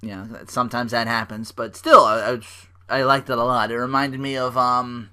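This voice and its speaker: A man hosting a casual solo podcast, rambling excitedly with swearing and fillers. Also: medium pitch, moderate pace, smooth. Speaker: podcast host.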